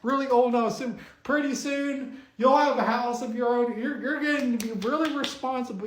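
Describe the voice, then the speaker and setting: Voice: sits high, normal speed, hardly any pauses, slight background noise. A storyteller telling a long, twisted joke story, often giggling and stumbling over words. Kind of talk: rambling comic storytelling. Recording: roomy echo.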